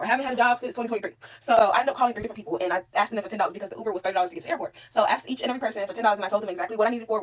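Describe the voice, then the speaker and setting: A young woman, telling her life story to camera in a casual, profane and animated way. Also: fairly high pitch. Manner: animated, profane, talks straight to the viewer.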